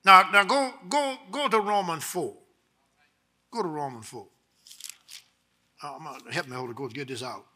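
A man, preaching a sermon with call-and-response, moving between quiet Bible teaching and loud exhortation. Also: fairly high pitch, normal speed, pauses often. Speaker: pastor.

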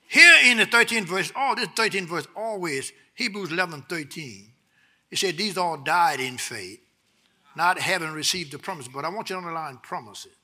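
A man, preaching a sermon with call-and-response, moving between quiet Bible teaching and loud exhortation. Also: on the high side, lively intonation, moderate pace. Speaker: pastor.

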